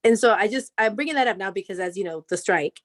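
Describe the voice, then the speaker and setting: A woman on a video call sharing a memory in a reflective, halting way, full of fillers and restarts. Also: mid-range voice. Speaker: guest speaker, former actor in the play.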